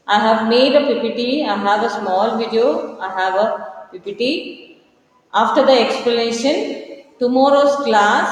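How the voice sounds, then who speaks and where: A woman teacher explaining a poem to pupils, repeating key lines and explaining words slowly. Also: mid-range voice. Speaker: school teacher. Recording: echoey room with long reverb.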